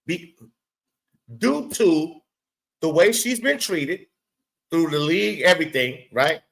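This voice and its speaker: High-voiced man ranting in casual commentary. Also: lively intonation, slow, creaky, fairly bright tone, low-quality recording. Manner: profane, emphatic, talks straight to the person he discusses. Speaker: show host.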